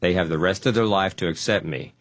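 A man telling a personal testimony story, animated and acting out the quotes. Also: low voice, brisk. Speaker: guest.

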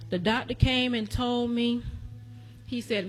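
A woman's voice: fairly high pitch, slow pace, long pauses, faint music behind. A woman preaching a testimony sermon as a church elder. She speaks to the congregation directly, repeating her lines in a rhythmic preaching cadence.

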